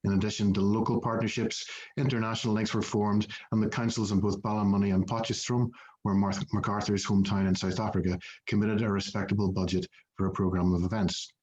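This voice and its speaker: A man's voice: fairly low pitch, little pitch movement, fast, a little mellow. A man, a museum manager giving a prepared conference presentation, reading steadily with frequent "uh" fillers. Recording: dull, lo-fi recording.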